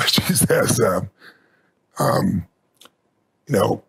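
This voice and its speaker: A man's voice: mid-range voice, fairly quick, gravelly, a bit bright, slightly rough. A middle-aged man, a guest in an interview, telling stories earnestly and intensely and choking up with emotion. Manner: earnest, intense, gets choked up. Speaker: guest speaker.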